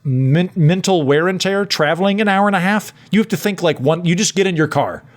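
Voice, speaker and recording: A man's voice: sits high, brisk. A man hosting a podcast, telling rambling comic stories in casual chat with lots of restarts. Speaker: podcast host.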